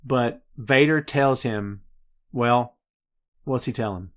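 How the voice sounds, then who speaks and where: Animated man hosting a movie podcast. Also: mid-range voice, takes it slowly. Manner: animated, addresses listeners as folks and kids. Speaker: podcast host. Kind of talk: casual movie review chat.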